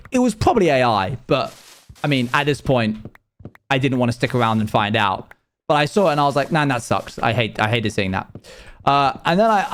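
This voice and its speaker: A young man casually chatting with his stream viewers, telling rambling stories with frequent laughs. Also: mid-range voice. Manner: rambling, laughing, self-deprecating storytelling. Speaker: live streamer.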